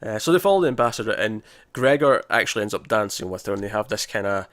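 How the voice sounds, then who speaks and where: A man's voice: lowish voice, lively intonation, fast talker, a bit bright, no room sound. A man co-hosting a casual TV review chat, rambling with restarts and quoted lines. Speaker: podcast co-host reviewing a TV episode.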